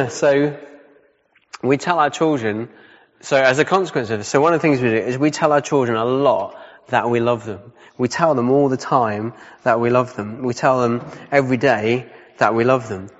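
Man preaching conversationally in an echoing hall. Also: mid-range voice. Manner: conversational, repeats key points, asks "yeah?". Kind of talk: sermon. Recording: dull sound with long hall reverb.

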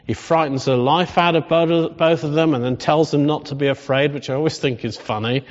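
A man preaching a sermon in a conversational style that rises into animated emphasis. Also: fairly high pitch, fairly quick. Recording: dull sound with long hall reverb.

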